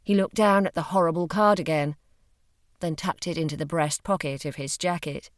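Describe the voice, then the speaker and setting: A woman narrating a novel in a measured, expressive storytelling voice. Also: sits low, dry recording, studio quality. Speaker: audiobook narrator.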